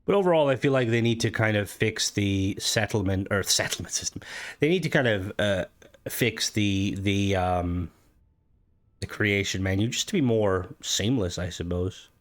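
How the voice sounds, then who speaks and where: Rambling low-voiced male gaming creator. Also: lively intonation, normal speed. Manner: rambling and meandering, with frequent hesitations and restarts. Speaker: gaming content creator and streamer. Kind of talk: casual gaming news commentary.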